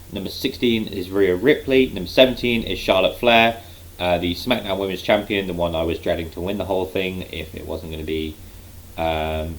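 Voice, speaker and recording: A man's voice: low-pitched, rough recording. A man casually recapping a wrestling show, rambling with lots of fillers like um and like. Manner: rambling, heavy use of um and like. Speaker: wrestling reaction vlogger.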